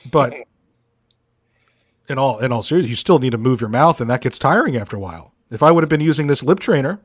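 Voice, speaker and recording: A man's voice: medium pitch, lively intonation, quick pace. A man hosting a casual comedy podcast, crude and joking in a mock-serious way. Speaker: podcast host.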